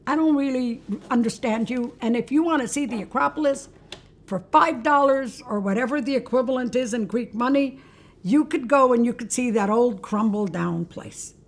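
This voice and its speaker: A woman's voice: fairly high pitch, moderate pace. A woman voicing a blunt male airport steward in a spoken story, giving offhand, dismissive replies.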